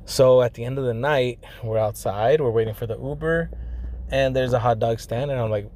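A man's voice: mid-range voice, normal speed, darkish tone, slight background noise. A young man casually telling a personal story, profane and slangy, full of fillers like "like" and "you know," dropping in bits of Spanish. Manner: drops Spanish phrases into English.

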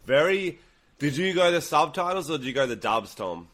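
An Australian man co-hosting a casual podcast, laughing, swearing freely and putting on quick voices. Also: fairly high pitch, lively intonation, a bit bright. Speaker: podcast co-host.

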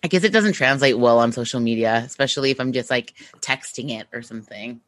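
A woman's voice: extremely low pitch, fast talker, no echo. A woman co-hosting a casual podcast, telling stories with laughter and sarcasm. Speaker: podcast co-host.

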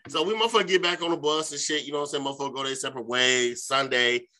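A man co-hosting a podcast, telling a long, profane story in a loose, animated way, full of filler phrases. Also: mid-range voice, very fast, background noise. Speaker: podcast co-host. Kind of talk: casual storytelling.

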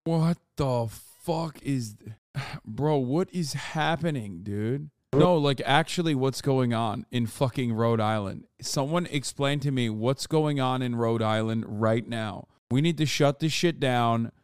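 Brief: rambling, cursing male streamer, smooth, dry close mic. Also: medium pitch, unhurried, no room sound. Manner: profane, excitable, rambling. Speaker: streamer reacting to a documentary. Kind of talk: casual reaction commentary.

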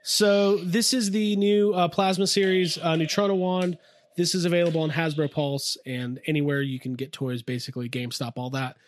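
A man co-hosting a casual podcast from his toy room, rambling and excitable with many fillers. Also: fairly high pitch, normal speed, a little hiss or hum. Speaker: podcast co-host. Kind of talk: casual chat.

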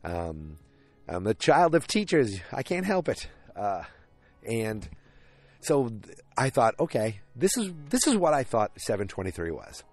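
Rambling low-voiced man recapping an episode. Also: sing-song, a little slow, dry recording, soft background music. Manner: rambling, many fillers and restarts.

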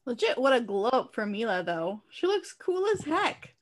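A woman co-hosting a podcast, chatting about a show in an animated way. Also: on the high side, normal speed. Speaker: podcast co-host. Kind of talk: casual chat.

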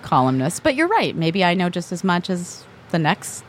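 Giggly, self-deprecating woman guest with a bouncy, lively delivery; rambling casual chat. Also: on the low side, normal speed, a little hiss or hum. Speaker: podcast guest, former sex advice columnist.

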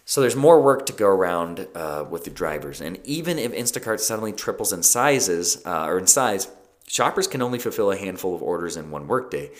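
Male podcast host with a lowish voice, loose and chatty, many fillers and restarts. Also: expressive, a little fast. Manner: conversational, with frequent fillers and self-corrections. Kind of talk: casual solo podcast talk.

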